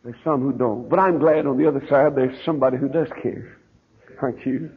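An older man preaching a sermon, telling stories in a folksy way, his voice quiet at times and rising at others. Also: mid-range voice, a little fast. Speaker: pastor. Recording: tinny phone-like old sermon recording.

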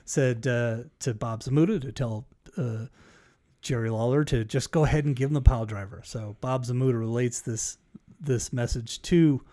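Male podcast host, casual profane storyteller, mid-pitched voice. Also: normal speed, warm tone. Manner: profane storyteller, acts out quotes. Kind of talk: casual chat.

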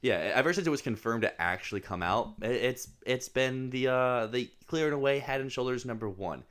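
A man co-hosting a film awards podcast in casual chat, talking quickly and analytically through the options. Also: medium pitch, animated, fairly bright tone, smooth. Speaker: podcast co-host.

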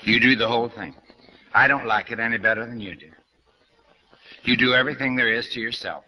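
Blunt older man lecturing, bright tone. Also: medium pitch, steady tone, a little fast, poor audio. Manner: blunt, questioning, speaks straight to listeners. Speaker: New Thought lecturer. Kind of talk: spiritual lecture to an audience.

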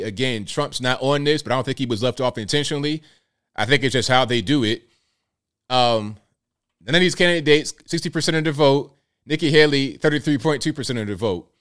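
A man's voice: medium pitch, a bit bright, smooth. An American man with a Southern accent, hosting a solo political commentary show, emphatic and repetitive, firing rhetorical questions at his viewers. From United States.

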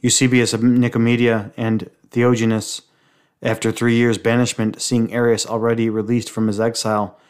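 A man reading aloud from a book on the life of a saint, steady and measured, with small slips and restarts. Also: mid-range voice, clear, resonant tone. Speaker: reader.

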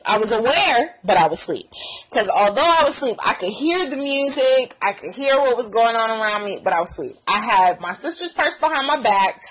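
Husky young woman telling a wild story. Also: rough recording. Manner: animated, profane, acts out quotes in a higher voice. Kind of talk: casual storytime vlog.

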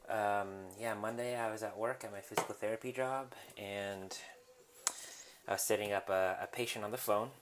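A young man in his twenties telling a personal story in a candid, halting way, with many ums and restarts, recorded at home. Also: lowish voice. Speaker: podcast host. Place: his apartment, cleaning up. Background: household noise.

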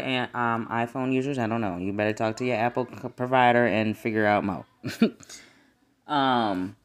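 A young woman hosting a solo podcast, chatting casually with lots of swearing and laughter. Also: extremely low pitch. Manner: profane, laughing, rambling. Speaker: podcast host.

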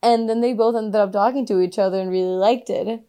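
A woman's voice: mid-range voice, fairly even intonation, quick pace, warm tone. Giggly young woman telling a story. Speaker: podcast co-host. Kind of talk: casual chat.

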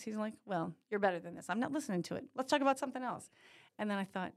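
A woman's voice: medium pitch, animated, very fast, gravelly. A woman co-hosting a podcast in casual chat, telling personal stories in an encouraging, reflective way. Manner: warm storyteller, encouraging, reflective. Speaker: podcast co-host.

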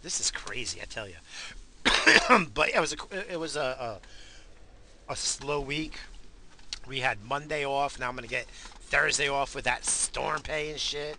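A man hosting a casual rambling monologue, swinging from loud hyped shouts to low muttering, swearing often and coughing now and then. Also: a little slow, noisy background. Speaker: podcast host.

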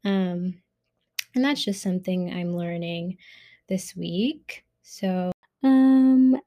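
A woman's voice: fairly low pitch, takes it slowly, warm tone, muffled recording. A young woman hosting her own podcast, rambling candidly in an agitated, heated way about her week. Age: young adult. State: agitated and shaken. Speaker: podcast host. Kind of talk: casual rambling monologue.

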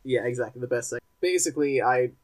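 A young man co-hosting a casual podcast chat, talking quickly with lots of fillers and joking asides. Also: medium pitch. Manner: quick, chatty, full of "like" fillers and jokey quotes. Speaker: podcast co-host.

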